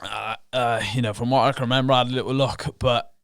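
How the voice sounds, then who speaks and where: On a podcast, a male professional MMA fighter recounts a fight as loose, candid interview storytelling, swearing freely and voicing his racing inner thoughts as quotes. His mid-pitched voice is fast, creaky, a bit bright, clear, and resonant, with fairly even intonation. It's recorded close and dry, with no room sound or echo.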